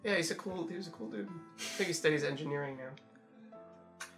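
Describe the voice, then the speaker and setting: A laid-back man sharing a rambling story on a casual podcast. He speaks at an ordinary mid pitch with plenty of filler words. Music plays faintly behind him. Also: normal speed, gravelly, a bit bright. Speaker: podcast co-host. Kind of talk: casual chat.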